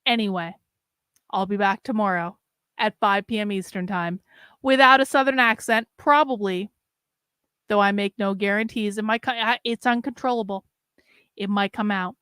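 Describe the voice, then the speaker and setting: A woman's voice: mid-range voice, normal speed, fairly bright tone, clean tone, no room sound, studio quality. A woman hosting a casual livestream, a little drunk, chatting breezily as she plugs her merch and thanks viewers. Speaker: host.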